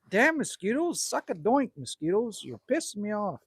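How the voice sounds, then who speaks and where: Sitting by the campfire at his cabin, a Canadian livestream host in his fifties reads chat comments and trades crude banter. He speaks in a high, sing-song, slightly mellow voice with a breathy edge, at a moderate pace with few pauses.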